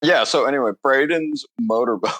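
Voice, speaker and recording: A man's voice: mid-range voice, moderate pace, a bit bright, no echo. A young man co-hosting a podcast in casual banter, rambling through stories and laughing at his own jokes into a close mic. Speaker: podcast co-host.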